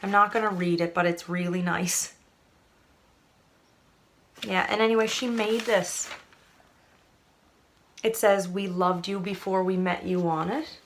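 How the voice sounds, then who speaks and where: A woman's voice: lowish voice, steady tone, a little slow, long pauses, slight background noise. A young woman from Canada, chatting to camera in a rambling, casual way full of fillers. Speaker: vlogger.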